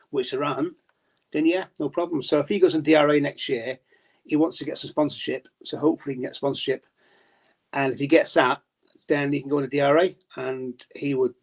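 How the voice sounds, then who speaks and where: A man's voice: mid-range voice, gravelly, darkish tone. A man as a podcast guest in casual chat, telling stories chattily, swearing and laughing often.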